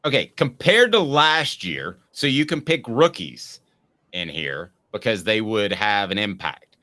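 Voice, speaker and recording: A man's voice: on the low side, sing-song, measured pace, bright, forceful tone. A man hosting a casual sports talk show, upbeat and steering the chat with questions to his co-host.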